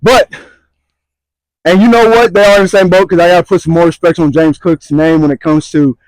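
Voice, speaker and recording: A man's voice: sits high, steady tone, fairly quick, no room sound, low-quality recording. A man co-hosting casual sports talk, emphatic and slangy, often repeating himself. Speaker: sports podcast co-host.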